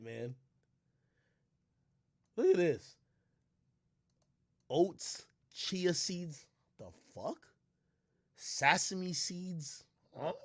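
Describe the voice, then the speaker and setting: A man streaming casual commentary, reading a menu aloud and ranting in loud, profane disbelief. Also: fairly high pitch, dry recording, studio quality.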